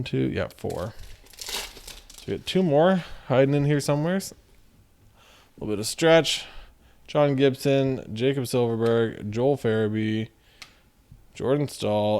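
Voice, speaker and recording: A man hosting a card-opening video, chatting casually and joking as he reads off names in quick runs. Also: medium pitch, expressive, a little mellow. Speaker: card-opening channel host. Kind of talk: casual commentary while opening card packs.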